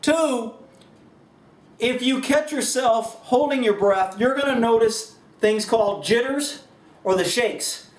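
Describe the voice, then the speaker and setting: Indoors at a shooting range building, a firearms instructor with an American accent talks through a casual, rambling lesson, laughing and dropping folksy asides. His very high-pitched voice moves at a slow pace, sounding reverberant through a distant mic.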